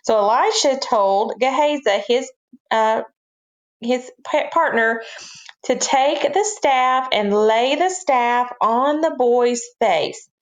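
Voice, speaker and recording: A high-pitched woman tells a Bible story to a children's class, animated and full of questions for her young listeners. Her voice rings in an echoey room. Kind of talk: storytelling Bible lesson for kids.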